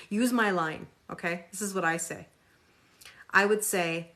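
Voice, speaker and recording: A woman's voice: fairly low pitch, steady tone, a little fast, fairly bright tone. A woman hosting a live tarot reading, talking casually with viewers in a sarcastic, chatty way and reading card meanings aloud.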